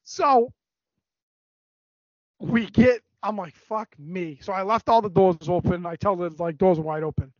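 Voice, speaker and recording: A podcast co-host with a high voice tells a rambling, energetic story laced with swearing, like casual podcast chat. He talks at normal speed with long pauses, and the dull, lo-fi recording is dry and close with no echo.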